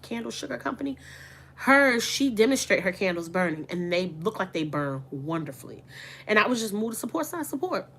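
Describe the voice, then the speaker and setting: A woman's voice: medium pitch, very animated, brisk, a bit bright, breathy edge. Woman vlogger, casual and candid, talks straight to her followers, mid-range voice. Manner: chatty, candid, addresses viewers as y'all. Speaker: online boutique owner and vlogger. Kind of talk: casual chat to camera.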